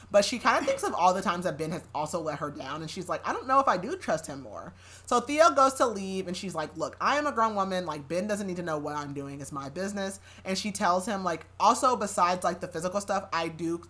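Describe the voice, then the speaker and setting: A young adult woman hosting a podcast, retelling a story in loose, casual chat. Her voice sits a little low for a woman, and she fills her talk with "like" and easy laughter. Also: a bit bright. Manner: chatty, laughing often, heavy use of "like". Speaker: podcast host recapping a novel.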